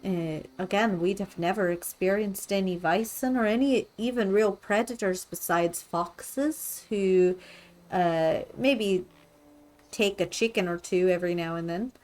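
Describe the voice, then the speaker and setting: A woman's voice: mid-range voice, measured pace, darkish tone. A woman narrating as game master of a tabletop game, hesitant, with frequent ums.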